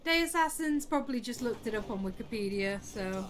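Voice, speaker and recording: A woman's voice: fairly high pitch, brisk. Chatty woman streaming a game. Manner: chatty and excitable, swears and laughs often. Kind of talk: live gameplay commentary.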